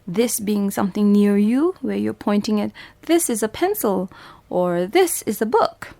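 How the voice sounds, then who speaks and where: A woman's voice: medium pitch, expressive, measured pace, vocal fry, dark tone. A woman with a Bhutanese English accent, teaching a phonics lesson to young children, sounding out each letter and repeating every word patiently.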